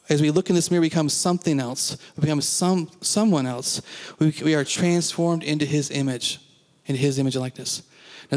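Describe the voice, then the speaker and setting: Male pastor, mid-high voice, emphatic sermon delivery with call-outs to the room, reverberant hall. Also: darkish tone. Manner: emphatic, repeats phrases, asks the congregation questions. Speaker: preacher. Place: church.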